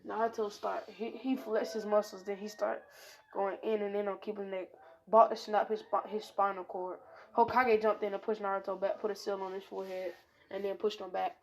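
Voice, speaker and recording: Slangy woman with a gravelly voice. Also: medium pitch, flat delivery, brisk, darkish tone. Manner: casual slangy rambling. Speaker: storyteller. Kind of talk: improvised fan story narration.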